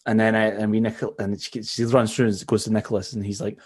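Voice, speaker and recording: Soft-spoken man, lowish voice. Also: level tone, fast talker, slightly rough. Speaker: podcast guest. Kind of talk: casual chat.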